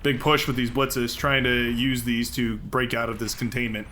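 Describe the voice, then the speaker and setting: This American game commentator casts a real-time strategy match live, staying chatty and upbeat despite many fillers and restarts. His medium-pitched voice is bright and forceful with a flat delivery at normal speed, and slight background noise is present.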